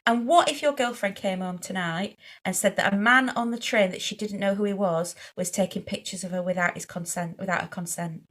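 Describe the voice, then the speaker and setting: A woman in her late forties An animated vicar telling stories in a podcast chat. Her voice is bright and clear. She keeps slipping into little acted voices of the people in her stories. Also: medium pitch, fairly quick, hardly any pauses. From England. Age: late 40s. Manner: animated storyteller, acts out other people's lines.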